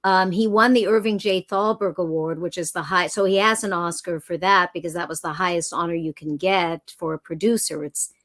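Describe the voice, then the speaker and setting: A middle-aged actress chatting as a guest, telling stories and spelling out names. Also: female voice, lowish voice, fairly even intonation, brisk, hardly any pauses, a bit bright. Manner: chatty, storytelling, spells things out. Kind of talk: casual chat.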